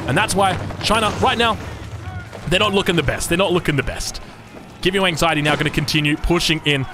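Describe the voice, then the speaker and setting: A man's voice: a little high, brisk, music in the background. A man with an Australian accent giving chatty play-by-play commentary on a strategy game, correcting himself and breaking into hype at big moments. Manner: chatty, self-correcting, bursts into excited hype. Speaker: game caster.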